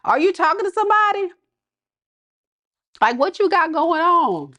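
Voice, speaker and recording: Lady doing a nosy suspicious lover, high and teasing, all slang and pushy questions. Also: big pitch swings, normal speed, bright, forceful tone, full character voice. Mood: teasing, prying.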